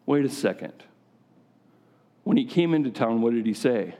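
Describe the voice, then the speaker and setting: A man's voice: mid-range voice, expressive, normal speed, dark tone. A man preaching a sermon to a gathering of men in a conversational style, often putting questions directly to his listeners.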